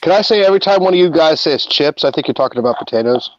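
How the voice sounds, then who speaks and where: A man's voice: on the high side, lively intonation, very fast, dry recording, muffled recording. A man making wisecracks and swearing on a casual video call. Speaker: guest. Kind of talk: casual livestream chat.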